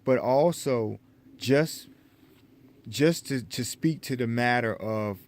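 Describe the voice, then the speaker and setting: Lecturing American man, halting restarts. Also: medium pitch, a little mellow. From United States. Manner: lecturing, repetitive restarts, addresses viewers as folks. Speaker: vlogger. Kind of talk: opinion monologue to camera.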